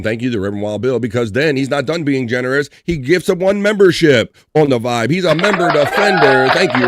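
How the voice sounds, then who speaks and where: A man hosting a casual live stream, reading out viewer comments with upbeat shout-outs. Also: medium pitch, background noise.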